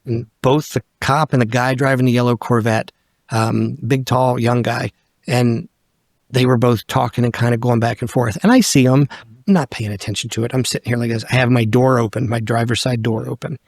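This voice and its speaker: A man's voice: mid-range voice, fairly even intonation, a little fast, no echo, clean studio sound. Blunt man in his fifties telling a story. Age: 50s. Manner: blunt, swears freely, acts out quotes. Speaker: guest. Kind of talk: candid storytelling interview.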